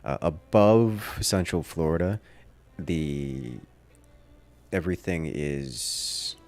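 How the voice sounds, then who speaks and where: Livestreaming a game with faint music in the background, a man with a bass voice and a generic Southern US accent talks in a rambling, wry way, full of self-deprecating remarks. He takes it slowly, sounding expressive and a little mellow.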